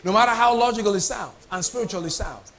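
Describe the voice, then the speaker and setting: A man's voice: sits high, fast talker, fairly bright tone, faint music behind. A man preaching a sermon as pastor, emphatic and repetitive, putting questions to his congregation.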